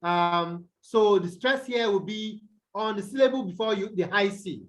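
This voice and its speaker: This English tutor's voice is high-pitched and moves at normal speed, captured in low-quality video-call audio. A Nigerian man, he leads an online lesson on stress rules, repeatedly asking the class "okay?" and "the what?"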